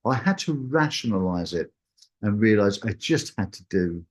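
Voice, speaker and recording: A man telling a personal story in a casual, animated way, acting out what people said. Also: normal speed. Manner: animated, acts out what people said with big jumps in pitch.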